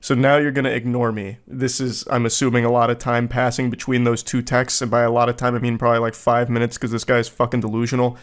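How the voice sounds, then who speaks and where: A man's voice: medium pitch, fast talker, few pauses. Sarcastic man doing comedic commentary. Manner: sarcastic, deadpan mockery.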